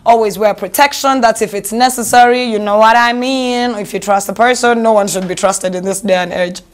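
A young Ugandan woman hosting an entertainment gossip show, sassy and animated, slipping Luganda phrases into her English. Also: fairly high pitch, brisk. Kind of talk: casual gossip commentary.

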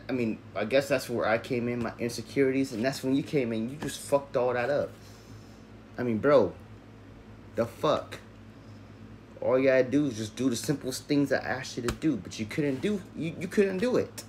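Frustrated man, mid-pitched, profane and halting in a self-dialogue skit. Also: slight background noise, rough recording. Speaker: skit creator.

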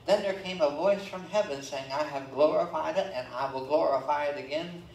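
In a church sanctuary, a pastor preaches a sermon in a fairly high, slightly fast, somewhat mellow voice, reading scripture aloud and tossing in folksy, joking asides. The recording is distant, with a roomy church echo and faint room noise.

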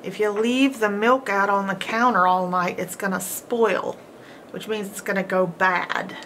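Her voice is mid-range, steady and fairly bright, with a little background noise behind it. This woman works through a deliberate phonics lesson, slowly sounding out every word and repeating each one encouragingly.

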